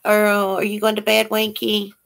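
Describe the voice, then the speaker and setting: A woman's voice: medium pitch, monotone, moderate pace, creaky, a bit bright. A woman hosting a casual livestream, greeting viewers by name and chatting about their comments. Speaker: livestream host.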